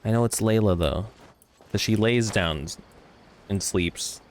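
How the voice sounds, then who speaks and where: A man's voice: fairly low pitch, measured pace, a little hiss or hum. A man streaming a game, rambling and joking with casual, profane commentary.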